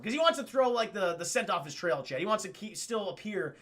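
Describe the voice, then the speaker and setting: Young male streamer, high gravelly voice, bright and excitable, profane, chatty recap. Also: fast talker. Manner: excitable, profane, keeps addressing chat. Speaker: streamer and film reviewer. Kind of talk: casual live-stream film recap.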